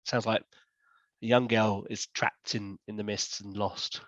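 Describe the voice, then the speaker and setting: Rambling game master, dull dry audio. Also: male voice, on the low side, little pitch movement, measured pace, fairly bright tone, no echo. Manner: rambling, self-correcting description. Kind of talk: narrating a tabletop game.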